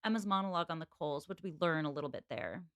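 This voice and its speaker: A woman's voice: sits low, rapid-fire, clean tone. A young woman co-hosting a casual book podcast, laughing often and adding wry, crude asides. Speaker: podcast co-host. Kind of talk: casual book-club chat.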